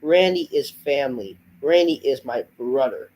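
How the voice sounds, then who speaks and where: A man's voice: medium pitch, expressive, moderate pace, darkish tone, rough recording. Exasperated man ranting, voice worn out. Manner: profane, exasperated, sighing. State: under the weather, voice off. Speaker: host of a wrestling review show. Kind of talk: ranting show review.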